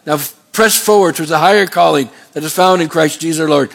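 A man with a fairly high voice preaches a sermon. He asks the congregation questions and waits for their answers, then builds to fervent exhortations. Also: fast talker, gravelly. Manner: preaching with call-and-response questions. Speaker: pastor.

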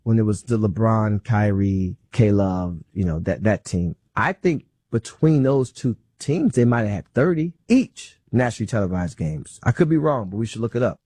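A man's voice: lowish voice, lively intonation, moderate pace, hardly any pauses, mellow, slightly rough, dry recording. A man speaking as a guest in a casual podcast chat, dry and sarcastic in manner.

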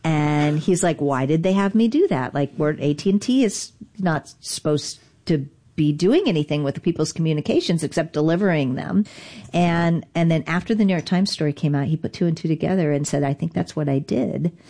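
A woman guest in an interview, telling a story in lively, animated fashion, acting out quoted voices and laughing often. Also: low voice, normal speed. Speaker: guest, digital rights lawyer.

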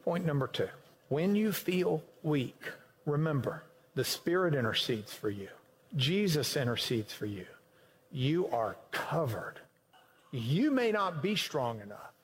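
A man preaching a sermon to a class, swinging between loud emphatic lines and quiet low ones. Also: sing-song, a little slow, husky. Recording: long hall reverb.

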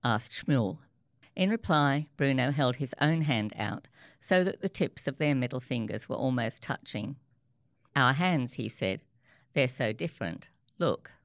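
A radio presenter, introducing guests and reading book extracts in a measured, clear way. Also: mid-range voice, animated, no echo, clean studio sound. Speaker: radio show host.

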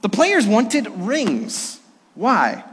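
A man preaching a sermon as pastor during a worship service, earnest, often dropping to a soft low voice on key words. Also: wildly swooping pitch, very slow, slightly rough. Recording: long church-hall reverb.

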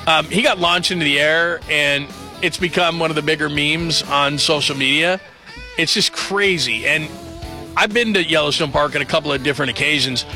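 A man's voice: fairly high pitch, normal speed, bright, forceful tone, soft background music. A man hosting a late-night sports talk radio show, chatting and joking in a loose, rambling way from the studio.

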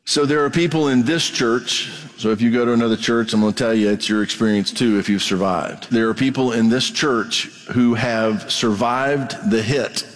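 A man, a pastor, preaching a sermon in a casual, conversational way, quoting imagined objections from his listeners. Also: on the low side. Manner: conversational preaching, quotes hecklers in asides. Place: church sanctuary. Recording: long reverb of a large hall.

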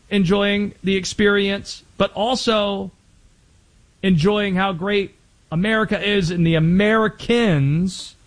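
Male sports talk host with a fairly high voice, energetic and opinionated.

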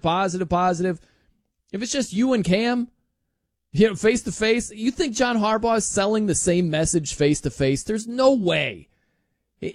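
A man hosting a sports radio show, talking in an animated, chatty way with jokey asides. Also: high-pitched, no room sound, studio quality. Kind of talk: casual radio talk.

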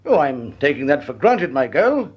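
Casting: attore per un anziano dirigente britannico, impacciato e cordiale, voce un po' roca, stile radiodramma d'epoca. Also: male voice, fairly high pitch, sing-song, normal speed, husky. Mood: genial. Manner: bumbling, flustered, hesitant. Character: genial blustering older male company chairman. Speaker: actor in radio drama. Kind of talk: vintage radio drama acting. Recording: dull lo-fi old radio recording.

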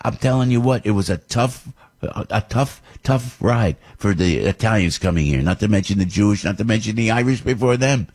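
A husky middle-aged radio host delivers an impassioned monologue. His voice sits a bit low, and he keeps pushing up into emphatic, near-shouted peaks. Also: expressive, brisk. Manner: ranting, emphatic, rising to shouts. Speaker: radio talk show host. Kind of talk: opinion talk radio monologue.

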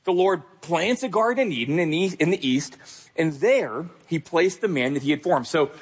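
A pastor delivering an emphatic, earnest sermon, repeating key phrases. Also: male voice, a little high, animated, moderate pace, husky.

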